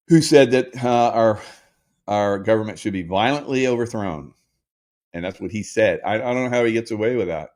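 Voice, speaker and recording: Rambling man in his sixties, low voice. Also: a little mellow. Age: 60s. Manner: rambling, many fillers and restarts. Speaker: host. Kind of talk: casual political commentary monologue.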